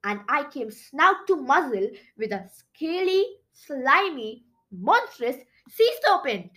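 A woman reads a children's chapter book aloud in a high, bright voice. Her telling is playful and expressive, with pitch swooping freely through each sentence. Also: slow pace. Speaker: storybook narrator.

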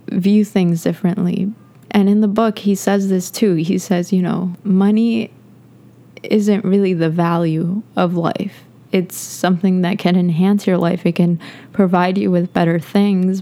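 Young woman podcasting solo, earnest and rambly, lots of "like", warm mellow tone. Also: mid-range voice. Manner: earnest, rambling, heavy on "like", gets emotional. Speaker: podcast host. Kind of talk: personal reflective monologue.

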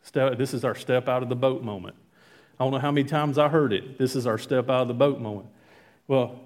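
A man giving an informal sermon and reading scripture aloud, conversational and halting, with frequent fillers and restarts. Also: mid-range voice, a little mellow. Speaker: lay preacher.

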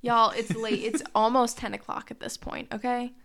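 Woman podcast cohost, kinda high voice, giggly and chatty. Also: flat delivery, moderate pace, gravelly, a bit bright. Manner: chatty, giggly, addresses listeners as y'all. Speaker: podcast co-host. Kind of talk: casual chat.

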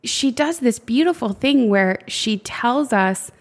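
A woman co-hosting a faith podcast in casual chat, expressive and chatty with a friend. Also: fairly high pitch, slow pace. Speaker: podcast co-host.

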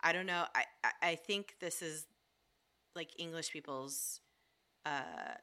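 A woman's voice: sits low, animated, slow, sharp tone. A young woman co-hosting a podcast, telling a story in a rambling, filler-heavy way. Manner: rambling, many fillers and restarts. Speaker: podcast co-host. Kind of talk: casual chat.

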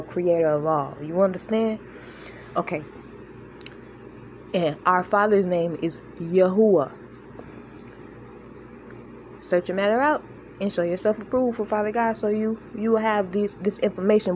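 A woman's voice: lowish voice, measured pace, pauses often, a little mellow, slight background noise. Earnest woman preaching casually, lo-fi. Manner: earnest, conversational, repeats herself, checks in with listeners. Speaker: online faith encourager. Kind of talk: informal religious teaching monologue.

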